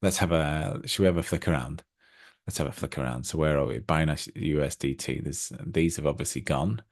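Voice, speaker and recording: A middle-aged man with a very low, gravelly voice talks casually through trading charts. He is chatty and excitable, filling gaps with ums as he goes. He sounds like an easygoing host of his own channel. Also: brisk.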